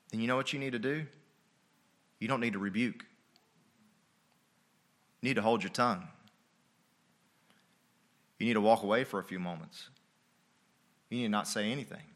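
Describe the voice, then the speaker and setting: A man's voice: mid-range voice, fairly bright tone. A man preaching a sermon as pastor, folksy and emphatic, firing rhetorical questions at the congregation.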